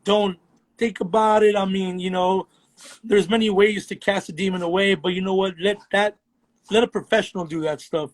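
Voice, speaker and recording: A man's voice: high-pitched, fairly even intonation, moderate pace. A man, a guest on a podcast, telling an eerie story in casual chat with an earnest manner.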